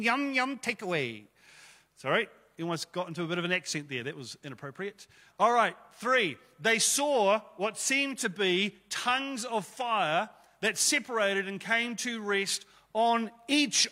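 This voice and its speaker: A man's voice: high voice, sharp tone, in a large hall. A man preaching a sermon to his church, conversational and emphatic, with rhetorical questions. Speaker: pastor.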